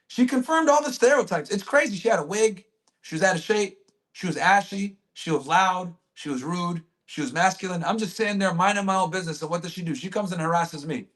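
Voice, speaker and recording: A man's voice: high voice, expressive, fairly quick, a bit bright. A man hosting a livestream, talking to his chat in a brash, crude way with lots of swearing. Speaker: livestream host.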